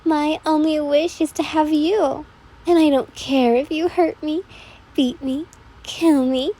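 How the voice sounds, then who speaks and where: A woman's voice: high voice, fairly even intonation, slow, mellow, pitched above the performer's own voice. Woman doing Toga, giggly obsessive villain girl. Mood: devoted. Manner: eager, breathless devotion.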